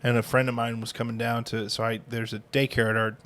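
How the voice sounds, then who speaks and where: A man in his thirties co-hosts a relaxed podcast chat. He is sarcastic, laughs often and tells his stories in a middle-pitched voice. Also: fast talker, a little hiss or hum. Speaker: podcast co-host. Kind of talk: casual chat.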